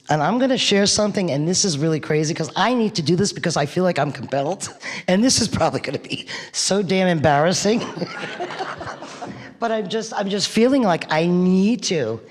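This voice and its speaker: A woman's voice: lowish voice, lively intonation, normal speed. A middle-aged woman with a New York accent, giving a eulogy full of funny stories and laughing as she tells them. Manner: chatty storyteller who laughs through her stories. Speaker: eulogy speaker. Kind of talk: eulogy sharing funny memories. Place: church hall. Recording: long reverb of a church hall.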